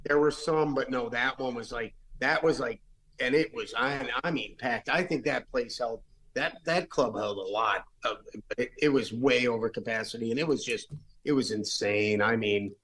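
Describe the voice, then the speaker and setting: A late-middle-aged man with a gravelly, creaky edge to his voice and a middle-pitched register. He tells road stories as a rock musician guest, wandering through them with restarts and fillers. The delivery is loose and conversational. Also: fairly bright tone, rough recording. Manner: rambling, with many restarts and fillers. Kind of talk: casual storytelling.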